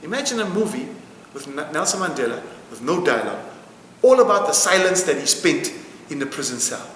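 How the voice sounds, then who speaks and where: A slightly high male voice with big pitch swings moves a little fast, bright in tone, over slight background noise. It's an impassioned interview answer, full of emphasis and repeated phrases, recorded in a roomy hall with long reverb and faint music.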